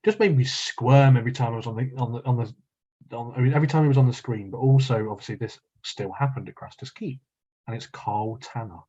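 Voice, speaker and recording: A man's voice: medium pitch, a little fast, dark tone, husky. Laughing man, lo-fi sound. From English Midlands. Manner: laughs often, swears casually. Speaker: podcast co-host. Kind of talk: casual chat. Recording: dull lo-fi recording.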